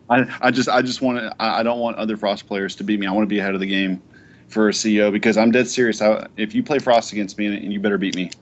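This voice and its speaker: A man chats loosely about fighting game tournaments in a rambling, profane way. His voice is on the low side. The recording is dull and lo-fi. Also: steady tone, fast, a little hiss or hum. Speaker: podcast host. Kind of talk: casual gaming podcast chat.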